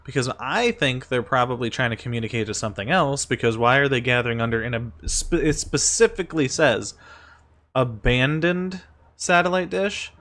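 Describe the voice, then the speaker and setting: A man giving casual reaction commentary as a streamer, animated, thinking aloud and laughing often. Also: mid-range voice, moderate pace.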